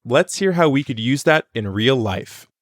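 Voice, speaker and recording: A man co-hosting a scripted language lesson, modeling pronunciation slowly and clearly for learners. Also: medium pitch, expressive, no room sound. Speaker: language teacher and co-host.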